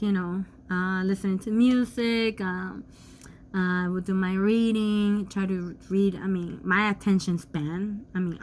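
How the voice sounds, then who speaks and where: A woman's voice: mid-range voice, a little mellow, a little hiss or hum. A woman recovering from illness, talking in a chatty, rambling way with lots of fillers and self-corrections in a casual vlog from her apartment. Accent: New York. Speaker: vlogger.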